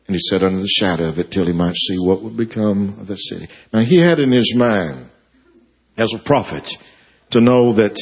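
A man's voice: fairly low pitch, slightly rough. A male pastor preaching a sermon, building to emotional climaxes and stretching out his phrases.

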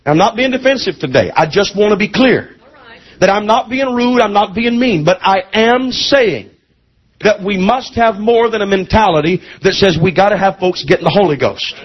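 A man preaching a fiery sermon, passionate and deliberate, at times slowing to hammer a point and at times shouting. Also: high-pitched, animated, slightly rough. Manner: impassioned, shifts between deliberate slow emphasis and shouting. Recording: dull lo-fi sermon tape.

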